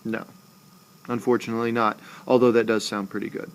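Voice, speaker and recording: A man teaching a recorded lesson, talking slowly and deliberately and saying example words aloud more than once. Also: lowish voice, flat delivery. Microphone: screencast voice-over.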